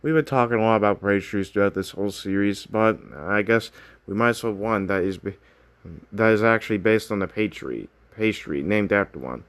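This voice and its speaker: Low-voiced man rambling about game characters. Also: moderate pace, fairly bright tone, clear, resonant tone. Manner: rambling, frequent restarts and self-corrections. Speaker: video commentator. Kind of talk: casual commentary.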